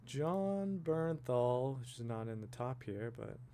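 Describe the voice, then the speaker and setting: A man rambling through a casual monologue, thinking aloud and musing to himself with soft chuckles. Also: medium pitch, flat delivery, a little fast, slight background noise. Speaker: vlogger.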